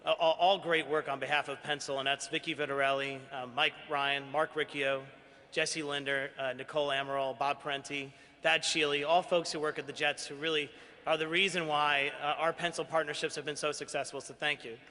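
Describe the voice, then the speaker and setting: Bright-voiced man speaking in an echoey hall. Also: on the high side, flat delivery, brisk. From Queens, New York. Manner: earnest, self-deprecating storytelling. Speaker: award honoree giving a speech. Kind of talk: gala acceptance speech. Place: large banquet hall.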